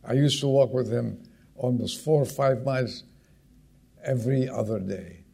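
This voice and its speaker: A man's voice: mid-range voice, normal speed, gravelly, dark tone, slightly rough. A man preaching a sermon who stresses key words by repeating them and puts direct questions to the congregation.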